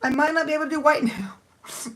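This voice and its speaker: A nail art livestreamer with a high, brisk voice chats casually on a live stream while painting her nails. She rambles and thinks out loud as she works.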